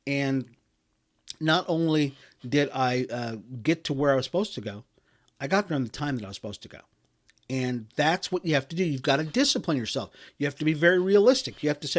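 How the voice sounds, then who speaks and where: A man's voice: a little high, expressive, fairly quick. A middle-aged man hosting a podcast, delivering an emphatic motivational talk with frequent restarts and fillers. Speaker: podcast host.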